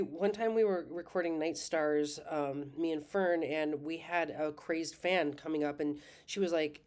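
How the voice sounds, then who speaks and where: A woman's voice: sits low, a little mellow. A middle-aged woman astrologer talking casually, rambling with many fillers, restarts and laughs. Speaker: astrologer and school host. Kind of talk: casual monologue.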